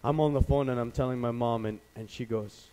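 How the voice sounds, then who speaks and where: A young man preaching a sermon, telling a personal story and then speaking quietly and earnestly to the congregation. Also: medium pitch, fairly even intonation, fairly quick, smooth, low-quality recording. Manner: storytelling, voices his dad loudly, then quiet and earnest.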